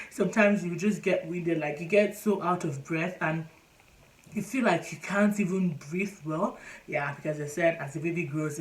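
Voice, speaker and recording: A woman's voice: fairly low pitch, poor audio. A pregnant woman vlogging in a casual chat to camera, often breaking into laughter and exclaiming as she talks. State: pregnant, short of breath.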